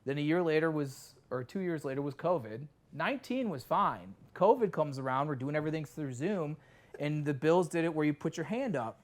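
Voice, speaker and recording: A man telling a story on a podcast, his voice sitting a little high. He is animated and casual, and he acts out the other people's lines as he goes. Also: a little fast. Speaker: sports reporter, podcast guest.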